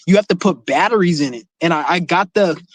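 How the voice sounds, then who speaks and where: A man's voice: sits high, fairly quick, dry recording, rough recording. A man vlogging in casual chat, rambling and swearing a lot and often restarting his sentences.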